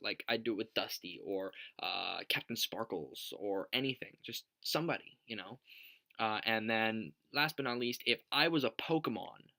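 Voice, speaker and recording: Young male vlogger, low voice, bright and punchy edge, rambling profane joker. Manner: rambling, joking and swearing a lot. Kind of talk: casual question-tag vlog.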